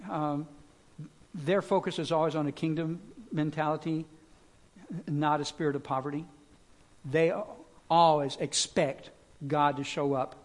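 A man delivers a sermon in a loose, conversational way, full of fillers and restarts. His voice sits a little higher than most men's. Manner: conversational preaching with fillers and repetitions. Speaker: pastor.

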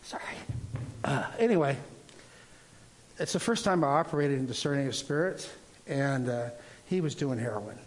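A man in his sixties preaching informally, telling a personal testimony in a rambling, halting way with many restarts. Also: mid-range voice, lively intonation.

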